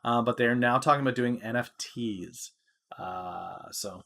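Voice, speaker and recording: A man hosting a stock market podcast, talking casually in a loose, filler-heavy way that gets loud when he is excited. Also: medium pitch, measured pace, gravelly.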